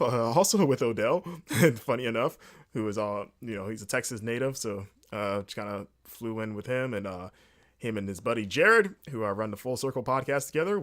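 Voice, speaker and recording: A man hosting a solo podcast, rambling casually in a jokey, animated way late at night. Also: mid-range voice. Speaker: podcast host.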